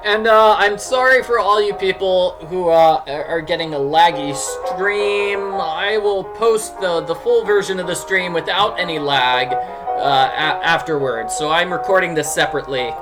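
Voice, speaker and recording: A man's voice: sits high, a little slow, music in the background, rough recording. A man giving casual, rambling let's-play commentary as a streamer and game writer. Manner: rambling, many fillers and restarts.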